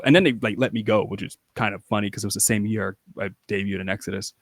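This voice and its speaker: A man's voice: on the low side, steady tone, a little fast, a bit bright, no echo, studio quality. A young man, a wrestler guest on a podcast, telling rambling, casual stories full of restarts and acted-out quotes. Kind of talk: casual storytelling.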